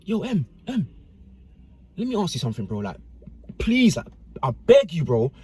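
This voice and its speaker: A man's voice: a little high, huge pitch swings, normal speed, a little mellow, a little hiss or hum, pitched above the performer's own voice. A man voicing a frantic young man, who pleads and repeats himself. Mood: pleading. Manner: pleading, repetitive, agitated.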